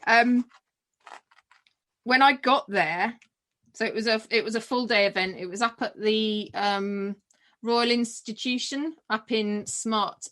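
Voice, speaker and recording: A woman's voice: a little high, slow pace. A middle-aged woman telling a personal story in casual chat, full of fillers and restarts. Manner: chatty, animated, many fillers and restarts. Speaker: podcast guest.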